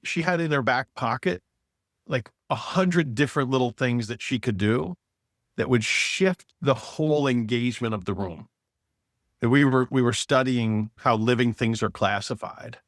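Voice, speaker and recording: A man talking as a podcast guest, telling a lively story and acting out the people in it. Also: medium pitch, normal speed, no echo, studio quality. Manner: animated storyteller, acts out quoted voices. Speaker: podcast guest, author and speaker. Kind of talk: casual storytelling conversation.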